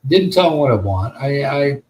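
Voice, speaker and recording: A man's voice: mid-range voice, very animated, moderate pace, a little mellow, slight background noise, poor audio. Profane, rambling American man. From United States. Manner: rambling, profane, laid-back. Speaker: podcast host. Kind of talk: casual storytelling chat.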